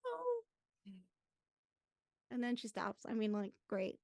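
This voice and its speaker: A young woman co-hosting a podcast, chatting casually through a movie watch-along with soft murmured reactions and chatty asides. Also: on the high side, huge pitch swings, takes it slowly, gravelly, no echo, clean studio sound. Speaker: podcast co-host.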